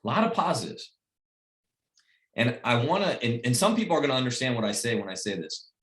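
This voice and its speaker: A middle-aged man giving a motivational speech to his team on a video call, emphatic and repetitive, swinging between loud pep talk and quiet personal stories. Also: medium pitch, animated, fairly quick, roomy sound. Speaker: team leader addressing his recruits.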